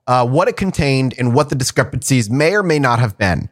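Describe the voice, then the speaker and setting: A man's voice: medium pitch, expressive, normal speed. A man co-hosting a casual podcast over a video call, presenting research in a rambling way with lots of fillers and restarts. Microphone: remote call over a video chat app.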